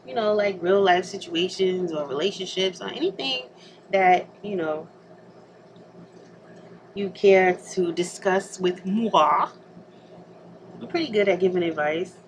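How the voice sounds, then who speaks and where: Chatty woman vlogger, low-pitched voice, background hiss. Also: a little slow, long pauses, rough recording. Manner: chatty and rambling, laughs often. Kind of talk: casual chat to camera.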